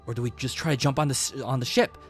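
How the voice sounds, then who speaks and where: A man's voice: mid-range voice, racing, faint music behind. A male streamer casually recapping a game, rambling and swearing, with lots of fillers and restarts. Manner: rambling, profane storytelling with many fillers.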